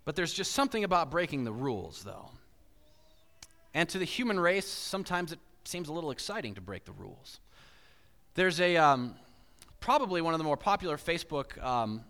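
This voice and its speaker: A fairly high-voiced man preaching in a large hall, his words trailing off into a long reverb. He tells everyday stories with lively swings, slipping into the voices of the people he describes. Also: fairly quick. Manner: animated, acts out inner voices with big swings. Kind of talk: sermon with storytelling.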